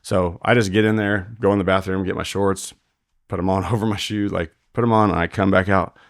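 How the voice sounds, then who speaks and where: Gravelly low-voiced man telling stories. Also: fairly even intonation, fairly quick, dry recording, clean studio sound. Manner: blunt, profane, retells scenes with quoted dialogue. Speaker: podcast guest, rodeo roper; father. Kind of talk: casual storytelling interview.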